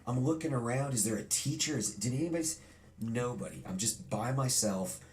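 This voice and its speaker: A middle-aged man being interviewed, telling a childhood story in a lively storytelling way and acting out remembered lines. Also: mid-range voice, a little fast. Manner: animated storyteller, acts out quotes. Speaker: guest.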